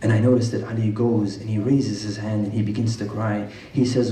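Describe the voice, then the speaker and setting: A man's voice: fairly low pitch, little pitch movement, a little fast, hardly any pauses, mellow. A man preaching an impassioned sermon, retelling stories with emphatic rises in his voice. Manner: impassioned, rising to emphatic peaks. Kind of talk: sermon with retold dialogue. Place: large mosque hall. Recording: echoey hall, distant mic.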